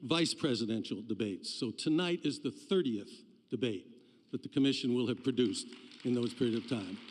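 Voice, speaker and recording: A man's voice: medium pitch, normal speed. A man giving a live address to a hall audience before a debate, speaking loosely with many fillers and restarts. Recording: long hall reverb.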